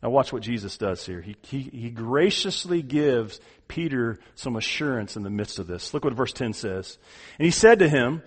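A man's voice: medium pitch, very animated, normal speed, husky. A man preaching an expository sermon, emphatic and given to repeating words as he drives home a point. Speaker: pastor.

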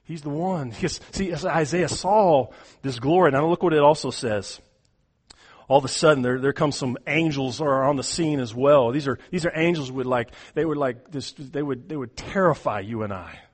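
A man delivers a sermon in a notably high voice. He moves from quiet, hushed asides to loud, shouted peaks. He often stumbles and repeats words as he restarts his phrases. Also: moderate pace, breathy edge. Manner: impassioned, swings from hushed to shouting. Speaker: pastor.

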